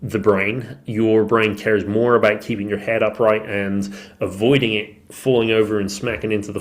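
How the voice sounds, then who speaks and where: A man hosting a podcast on movement who is losing his voice, talking loosely and thinking aloud with plenty of fillers. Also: on the low side. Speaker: podcast host and movement coach. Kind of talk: casual solo podcast talk.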